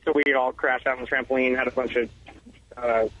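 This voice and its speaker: A man's voice: mid-range voice, little pitch movement, a little fast. A man calling in to a radio show, rambling through a childhood story with lots of "uh" and "like", chuckling as he goes. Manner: rambling, filler-heavy, chuckles often. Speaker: caller. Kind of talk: casual storytelling on a phone-in. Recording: muffled lo-fi radio sound.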